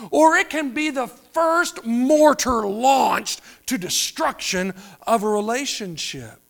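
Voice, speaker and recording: A man preaching a sermon, moving between quiet, drawn-out phrases and louder emphatic ones. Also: very high voice. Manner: preaching with wide swings between soft and loud. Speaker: pastor.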